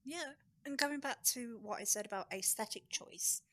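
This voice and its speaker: A woman guest on a casual podcast, talking quickly and informally with lots of "like". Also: on the high side, pushed and bright.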